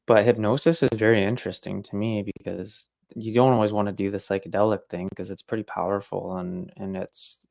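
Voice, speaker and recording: A man's voice: lowish voice, creaky, no echo, studio quality. A male host chatting casually and thoughtfully, correcting himself as he speaks. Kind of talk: casual interview chat.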